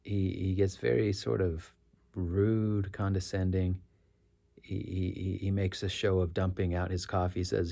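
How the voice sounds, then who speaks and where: A man's voice: sits low, flat delivery, unhurried, vocal fry, warm tone. A middle-aged man, a rideshare driver, telling a story casually and earnestly, rambling and correcting himself as he goes. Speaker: rideshare driver sharing stories.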